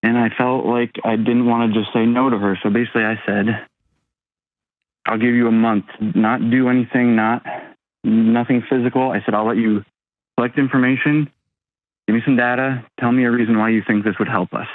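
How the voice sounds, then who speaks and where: A man in his thirties calling an advice show, talking haltingly with many pauses and ums. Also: mid-range voice, steady tone, a little hiss or hum. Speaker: caller. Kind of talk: call-in advice talk. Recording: tinny phone line.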